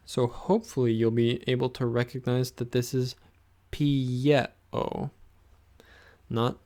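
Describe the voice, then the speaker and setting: A man teaching a pronunciation lesson, saying each word slowly and repeating it so the listener can follow along. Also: medium pitch, creaky. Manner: slow, patient, repeats words for the listener. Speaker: language teacher.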